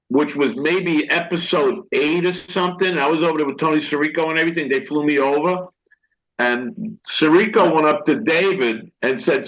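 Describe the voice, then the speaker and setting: A man's voice: on the high side, sharp tone. An older man, an actor guest, telling rambling anecdotes and acting out what others said, with many restarts. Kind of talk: storytelling interview talk. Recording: dull lo-fi recording.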